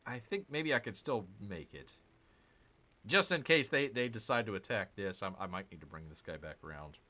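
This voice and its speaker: A man's voice: on the low side, expressive, normal speed, pushed and bright. Exasperated man grumbling through gameplay. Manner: exasperated, grumbling, sarcastic asides to viewers. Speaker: gaming channel host. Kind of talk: casual gameplay commentary.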